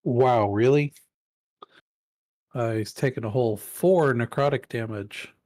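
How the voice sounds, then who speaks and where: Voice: medium pitch, unhurried, warm tone, dry recording. Player muttering over dice rolls. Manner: mutters and hums while working out dice rolls. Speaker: tabletop game player. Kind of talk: casual game chat.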